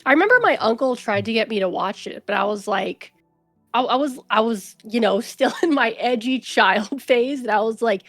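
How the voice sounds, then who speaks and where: A woman guest on a stream, chatting in a relaxed way and laughing easily. Her voice is on the higher side and sounds dry and close. Faint music plays under the conversation. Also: normal speed, no echo. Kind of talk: casual chat.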